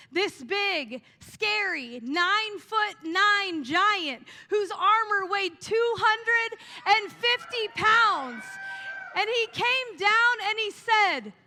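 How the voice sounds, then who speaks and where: A woman pastor preaching a sermon, telling the story with lively energy and saying "y'all" to the congregation. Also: extremely high pitch, long reverb tail. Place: church hall.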